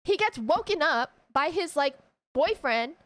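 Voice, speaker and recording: A woman streamer casually retelling a story to her viewers, animated and emotional, often laughing. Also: high-pitched, unhurried, no room sound.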